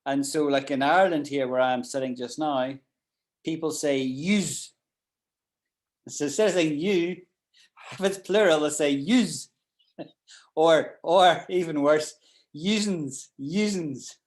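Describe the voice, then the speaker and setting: A man's voice: fairly high pitch, steady tone, normal speed. A man teaching an online English class, explaining usage with frequent restarts and repeated words over a video call. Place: at home in Ireland.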